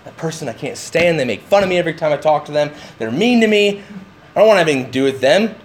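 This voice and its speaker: A man's voice: on the high side, fast talker. A man preaching a sermon in a church, talking to the congregation and often asking "right?". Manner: animated, talks to the congregation with frequent "right?". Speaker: pastor. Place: church sanctuary.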